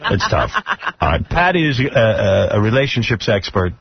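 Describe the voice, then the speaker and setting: A man's voice: fairly low pitch, sing-song, normal speed, gravelly, over a noisy crowd. A man hosting a radio show, teasing his guests in casual studio banter. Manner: teasing, wry. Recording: dull lo-fi radio broadcast.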